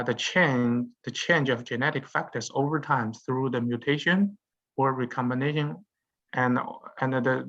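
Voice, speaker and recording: A man's voice: mid-range voice, fairly bright tone. Hesitant male lecturer, dull lo-fi sound. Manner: halting, frequent "uh" fillers and restarts. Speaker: university lecturer. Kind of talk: classroom lecture.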